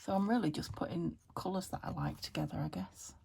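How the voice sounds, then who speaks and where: A woman's voice: on the low side, a little fast, creaky, darkish tone, a little hiss or hum. A British woman chatting to herself while crafting, thinking aloud and often dropping into a whisper. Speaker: craft vlogger. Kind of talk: casual narration while crafting.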